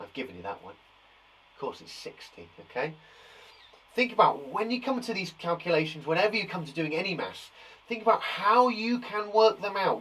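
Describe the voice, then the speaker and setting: A young man leads a live maths lesson for small children, his voice sitting a little high for a man. He reassures them often and works each sum out aloud. His manner is warm and encouraging. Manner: encouraging, reassuring, thinks aloud while counting. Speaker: teacher.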